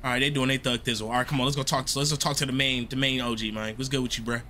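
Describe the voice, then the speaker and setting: A young man streaming a horror game, chatting in slangy, excitable commentary and repeating himself as he plays. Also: medium pitch, very fast, a little hiss or hum. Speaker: gaming streamer. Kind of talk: casual let's-play commentary.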